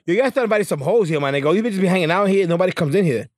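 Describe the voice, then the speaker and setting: A man's voice: high-pitched, lively intonation, rapid-fire, dry recording, studio quality. A man co-hosting a casual talk show, teasing his partner in crude slang. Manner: teasing, laughs often.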